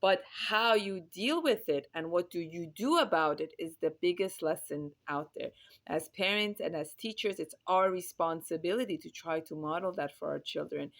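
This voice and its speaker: A woman speaks with earnest conviction about raising children. Her voice sits a little low, and she builds her points through emphatic, repeated lists of short phrases. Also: moderate pace. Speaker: parenting speaker. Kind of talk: earnest parenting talk.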